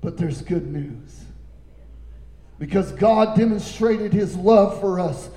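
A man preaching an impassioned sermon, reading scripture slowly and building to shouts. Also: high voice, roomy sound.

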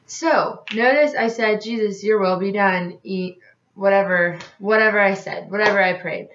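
A woman's voice: medium pitch, moderate pace, a bit bright, slight background noise. Young female host, candid and rambling, near tears; echoey room, dull recording. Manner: rambling and frank, heavy use of "like". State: upset, close to tears. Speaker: podcast host. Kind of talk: candid casual vlog talk. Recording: roomy, dull lo-fi sound with faint music.

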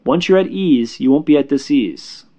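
Expressive and warm, this spiritual healer's voice sits on the high side as he offers reassuring, casual spiritual advice. His speech is halting, peppered with fillers and repeated words.

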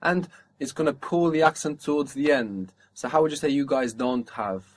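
A man's voice: mid-range voice, moderate pace. A man teaching a spoken language lesson, patiently asking for phrases, repeating each answer back and explaining pronunciation.

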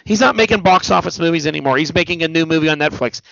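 A man's voice: fairly high pitch, rapid-fire, creaky, a bit bright, no echo. A man hosting a podcast, chatting loosely about pop culture in a rambling way and swearing freely. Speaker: podcast host. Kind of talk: casual pop culture chat. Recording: dull lo-fi dry recording.

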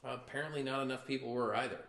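A man chatting casually on a podcast, rambling and cracking jokes with plenty of ums. His voice sits at a middle pitch. The room around him is echoey. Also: steady tone, quick pace, a loud crowd. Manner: rambling, joking, slips into mock voices. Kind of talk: casual chat.

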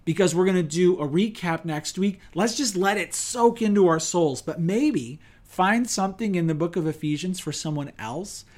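A man preaching a sermon in a lively, conversational way, asking rhetorical questions and acting out little quotes. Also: high voice, normal speed, few pauses. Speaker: pastor.

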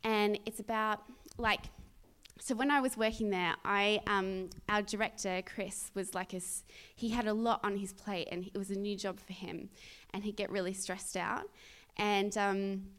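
A woman sharing a rambling, animated testimony with a congregation, full of "um" and "like" fillers and frequent laughter. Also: medium pitch, unhurried, clean tone. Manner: laughs often while telling the story. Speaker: speaker sharing a testimony at church. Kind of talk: chatty storytelling testimony to a congregation.

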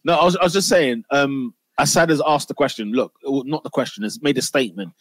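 A man's voice: medium pitch, a little fast, no room sound. A man hosting a casual football podcast, reading out listener comments in a playful, teasing way.

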